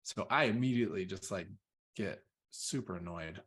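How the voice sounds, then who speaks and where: A man in his thirties, a father telling a parenting story in casual chat, rambling and relaxed with lots of fillers. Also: on the low side, fairly quick.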